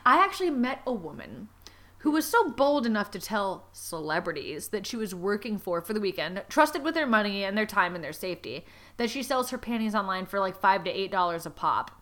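A woman's voice: medium pitch, sing-song, fairly quick, a bit bright. A tipsy woman in casual comedic chat, giggly and crude, reading aloud and telling stories with animation. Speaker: podcast co-host reading a book aloud.

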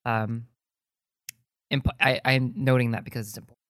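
A woman's voice: a bass voice, little pitch movement, moderate pace, no echo, studio quality. Easygoing woman recapping a plot. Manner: easygoing, filler-heavy retelling. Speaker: podcast co-host.

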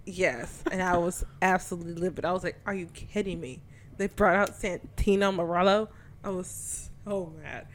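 Young woman chatting casually, lively and blunt, cusses a lot. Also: on the low side, normal speed. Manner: animated, swearing, laughs often. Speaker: podcast co-host. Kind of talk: casual chat.

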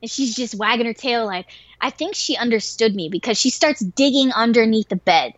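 Higher-pitched woman telling a story, swears a lot, gets all worked up, dry dull-sounding recording. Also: moderate pace, dry recording. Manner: swears freely, animated and excitable. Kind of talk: casual story told to a listener.

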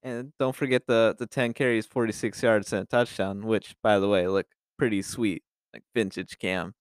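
A young man co-hosts a football podcast in a loose, profane chat style, often restarting his sentences. His voice is smooth and clear. It sounds close and dry, with no room sound. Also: fairly low pitch, steady tone, normal speed, dry recording. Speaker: podcast co-host. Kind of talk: casual sports chat.

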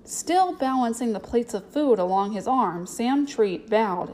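A woman reads a storybook aloud in a steady, clear, even way. Her voice sits fairly high, and the telling keeps a calm storytelling pace. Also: unhurried, poor audio. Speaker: narrator. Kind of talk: storybook reading.

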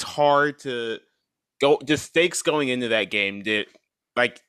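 A man co-hosting a casual sports chat, animated and laughing often. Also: medium pitch, slow, clean tone, dry recording, studio quality.

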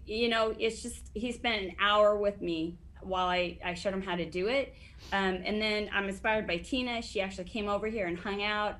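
A woman's voice: mid-range voice, a bit bright. A woman casually giving an upbeat update on a team call, rambling with many fillers and restarts and getting fired up as she talks. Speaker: insurance agent sharing team update.

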